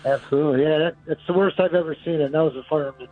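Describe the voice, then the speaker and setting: A man calling in to a radio show, easygoing and quick to laugh. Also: a little high. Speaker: caller. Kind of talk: casual call-in chat. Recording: tinny phone line with faint music.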